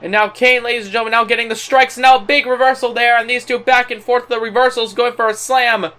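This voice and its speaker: A young man giving play-by-play wrestling commentary over a video game as a gaming channel host, with an excited announcer voice, many fillers and self-corrections. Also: very high voice, a little fast.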